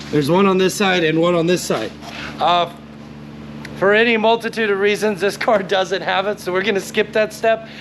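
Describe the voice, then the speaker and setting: A laid-back man with a fairly high voice talks through a car repair step by step, cursing casually as he works. He is recorded on a camera mic in a garage. Clear workshop and vehicle noise runs behind him. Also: rough recording. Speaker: DIY car repair host. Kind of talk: casual how-to walkthrough.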